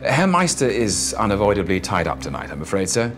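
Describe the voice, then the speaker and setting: A man voicing a polished, deferential hotel night manager who speaks in a smooth, overly courteous murmur. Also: fairly low pitch, big pitch swings, fairly quick, a bit bright, soft background music.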